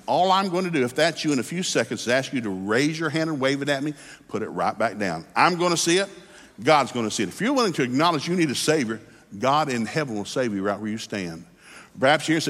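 A man's voice: medium pitch, a bit bright. A man preaching a sermon, telling a folksy story and then calling people to prayer, recorded in a church hall. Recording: hall reverb.

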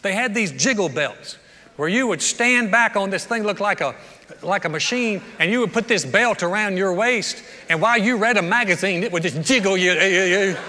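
Animated pastor preaching in a hall. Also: male voice, sits high, moderate pace. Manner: animated, joking, acts out voices of people. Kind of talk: sermon. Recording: long reverb of a large hall.

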